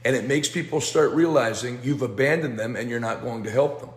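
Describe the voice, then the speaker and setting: A man's voice: medium pitch, a little fast. Man lecturing firmly in a roomy space. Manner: firm, lecturing. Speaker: political commentator. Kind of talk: scripted commentary. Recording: roomy echo.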